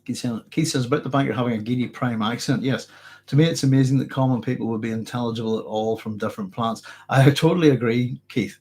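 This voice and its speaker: Fast and steady, with a husky, slightly mellow mid-range voice, a middle-aged man from Northern Ireland answers live chat questions in a relaxed stream Q&A. He has a mixed Northern Irish accent and a cold that leaves his throat hoarse. He rambles, restarts a lot and often chuckles.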